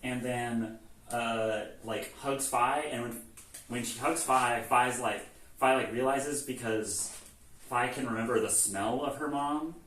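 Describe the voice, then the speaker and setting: A man's voice: medium pitch, steady tone, slow pace, a bit bright. A man casually recapping a game's story, rambling with lots of "like" and swearing, and acting out the lines. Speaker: host recapping a video game series. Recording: echoey room, far from mic, faint ambience.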